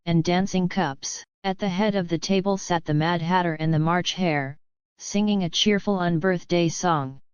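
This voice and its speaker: A woman narrates a bedtime story in a calm, even manner. Her voice is low and smooth. The recording is dry and dull. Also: dry recording.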